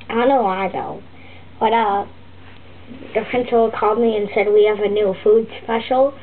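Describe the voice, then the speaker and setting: A woman voicing a fussy, griping turtle puppet teacher, rambling and halting with many restarts. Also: mid-range voice, lightly acted. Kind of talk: comic puppet vlog monologue. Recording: tinny lo-fi phone-like audio with faint hiss.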